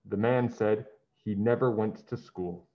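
A man's voice: lowish voice, unhurried. A man reading a children's picture book aloud, adding friendly asides. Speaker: storybook reader. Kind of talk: children's story read-aloud. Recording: dull lo-fi sound.

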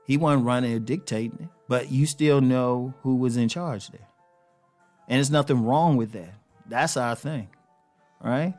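A man at a middle pitch giving relationship advice straight to the camera, blunt and full of slang. He repeats his main points to hammer them home, with faint music playing underneath. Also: unhurried, darkish tone. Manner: blunt, preachy, repeats key phrases for emphasis; informal slang-heavy delivery. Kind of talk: casual direct-to-camera monologue.

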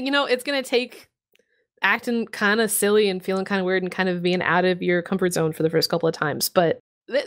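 A woman co-hosting a podcast in casual chat about tabletop games, laughing often, swearing casually and mocking herself. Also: mid-range voice. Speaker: podcast co-host.

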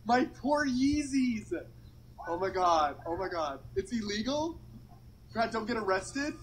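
High-voiced flustered young man. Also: very animated, moderate pace, a bit bright, a little hiss or hum, poor audio. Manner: flustered, anxious, rambling and swearing. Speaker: vlogger doing a dare. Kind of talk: casual vlog to camera. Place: outdoors by a public fountain.

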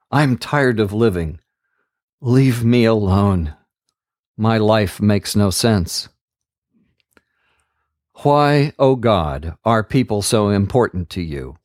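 A man hosting a daily Bible reading podcast, reading scripture aloud in a slow, measured, earnest way and adding a short devotional comment. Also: lowish voice, big pitch swings, no echo, clean studio sound.

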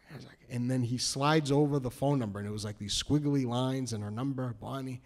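A man telling a personal story on stage, animated and self-mocking, often laughing as he talks. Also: mid-range voice, fairly quick. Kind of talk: live storytelling. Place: stage in a cultural center.

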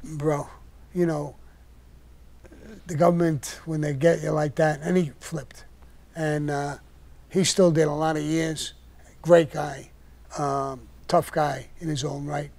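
An older man with a slightly higher voice tells stories on a live stream in a blunt, profane way. He rants hard when worked up. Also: flat delivery, slow pace, vocal fry, long pauses, darkish tone. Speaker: podcast host telling stories. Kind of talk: casual storytelling on a live stream.

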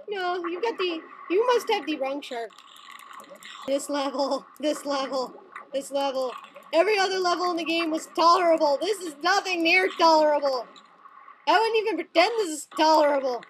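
A young woman commentating her own gameplay at home, melodramatic and whiny, often yelling in frustration. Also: very high voice, normal speed, slight background noise. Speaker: let's play gamer.

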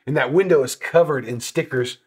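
A man telling a travel story in a casual sit-down interview, animated and swearing, acting out what people said. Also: mid-range voice, brisk. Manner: animated, swearing, acts out quotes. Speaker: motorcycle traveler telling his trip.

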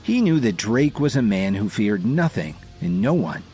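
A man narrating a dramatic audio story in a scripted, expressive manner. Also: on the low side, moderate pace, faint music behind.

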